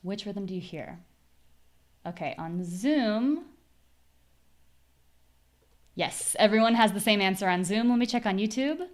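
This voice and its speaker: A woman's voice: mid-range voice, animated, moderate pace. A woman with an American accent teaching pronunciation in a live online class, patiently checking the chat and demonstrating rhythms with exaggerated stressed syllables.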